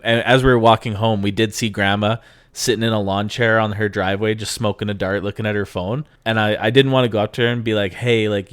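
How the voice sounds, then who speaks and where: Speaking smoothly in a fairly low voice, a podcast co-host from Canada recounts a story casually and brings it alive by imitating the people in it. The audio is studio quality, free of room sound.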